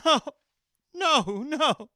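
A wounded father, voiced by a woman who pleads softly and repeats himself. The pitch rises and falls a lot, recorded close and dry. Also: animated, drawn-out words, no room sound, heavily acted. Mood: pleading. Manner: pleading, repetitive. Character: soft wounded middle-aged father.

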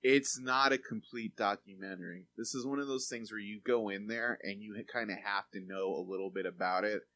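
A man's voice: lowish voice, brisk. A man co-hosting a podcast, chatting loosely about films with lots of fillers. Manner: rambling, filler-heavy, animated when excited. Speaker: podcast co-host reviewing films. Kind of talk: casual chat.

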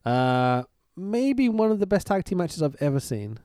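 Sarcastic and laughing at the show, this podcast co-host chats about old wrestling, throwing in the odd swear. His voice sits high with big pitch swings, unhurried and mellow, with a clean tone and clean studio sound free of room noise.

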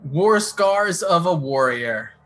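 Brief: man as a slow, respectful horned warrior with an axe, slightly high voice. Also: expressive, a bit bright, soft background music. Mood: solemn. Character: horned beastkin male axe warrior, honorable. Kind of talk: tabletop game role-play.

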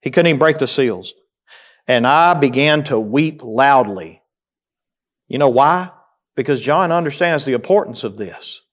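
High-voiced emphatic preacher. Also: male voice. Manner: emphatic, questions the congregation and answers himself. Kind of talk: sermon teaching through scripture.

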